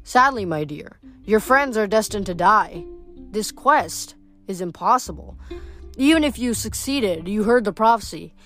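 A woman reading aloud, voicing a huge, cruel male giant who speaks in low rumbling taunts. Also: expressive, measured pace, fairly bright tone, soft background music. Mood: menacing.

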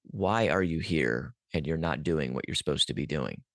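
A man quoting a woman stranger in his story, speaking for her in a calm, insistent tone. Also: a bass voice, moderate pace, dry recording, studio quality.

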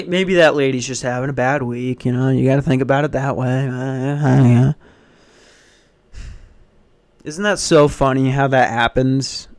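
A man's voice: medium pitch, smooth. A man hosting a solo podcast, talking in a blunt, profane, self-deprecating casual rant. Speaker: podcast host.

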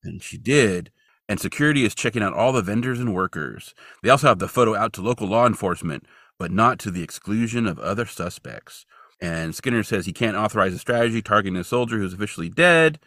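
A man's voice: fairly low pitch, lively intonation, fast, a bit bright, no echo, clean studio sound. A man co-hosting a podcast, recapping a TV episode in loose, casual chat, full of "like". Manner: loose, uses "like" a lot. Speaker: podcast co-host.

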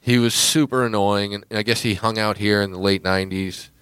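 A man co-hosting a casual chat, an animated storyteller. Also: fairly low pitch, fairly quick, clean tone, no echo.

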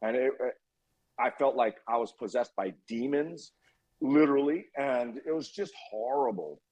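A man in his fifties, a guest telling his own story in a casual interview, animated and swearing freely as he acts out what people said. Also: mid-range voice, moderate pace, lo-fi sound.

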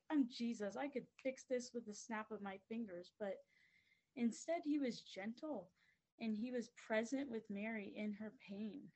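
A woman's voice: mid-range voice, a little mellow, rough recording. A woman who coaches basketball, giving an earnest faith-based motivational talk and repeating phrases for rhythm. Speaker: basketball coach and guest speaker.

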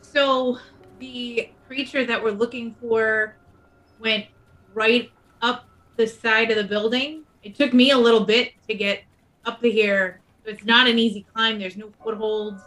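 A woman's voice: on the high side, steady tone, measured pace, fairly bright tone, poor audio. A woman playing a tabletop game, thinking aloud in a hesitant way as she describes her character's moves. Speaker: player.

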